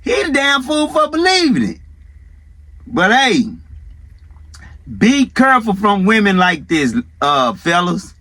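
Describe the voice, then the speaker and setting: A man's voice: high-pitched, big pitch swings, takes it slowly, long pauses, bright, forceful tone, no echo. A man hosting a show, commenting in a laid-back, slangy way with chuckles. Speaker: host. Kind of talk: casual commentary.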